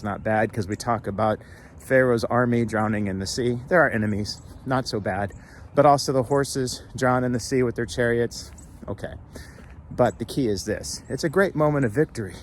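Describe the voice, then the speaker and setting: A man's voice: mid-range voice, a little fast, slight background noise. A man who is a rabbi giving a casual, folksy video message. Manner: chatty, folksy, breaks into song.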